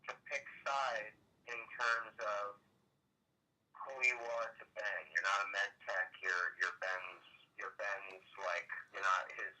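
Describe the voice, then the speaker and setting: A man's voice: lowish voice, fairly even intonation, slow, sharp tone, poor audio. A man advising the speaker, stammering and repeating words as he talks.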